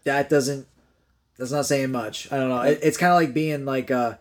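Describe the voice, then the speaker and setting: A man's voice: medium pitch, fairly even intonation, moderate pace. A young man co-hosting a movie podcast, rambling casually, swearing and saying "dude" often. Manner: rambling, says "dude" a lot, profane. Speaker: podcast co-host. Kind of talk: casual movie-review chat.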